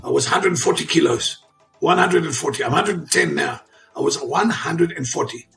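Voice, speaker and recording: A man in his sixties, interviewed as the father of a champion, tells personal stories with emotion, speaking emphatically, repeating himself for weight and restarting sentences. His voice is fairly high and fairly bright with vocal fry, at a normal speed, over soft background music.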